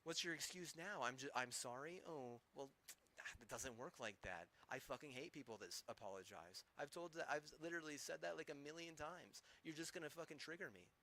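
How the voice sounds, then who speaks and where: A man's voice: fairly high pitch, lively intonation, fairly quick, bright, forceful tone, slight background noise. A man streaming, ranting angrily with heavy swearing and rambling, restarting sentences. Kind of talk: angry profane rant.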